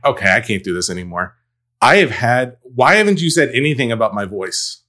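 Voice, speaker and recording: Lively, animated male podcast co-host. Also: a little fast. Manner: animated, jumps in pitch for emphasis. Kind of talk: casual podcast banter.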